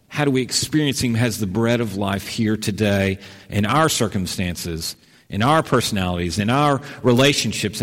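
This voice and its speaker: A male pastor delivering a sermon in an easy, conversational manner. His voice sits at a middle pitch, and he often circles back and restarts his phrases. A long reverb from a church hall trails behind him.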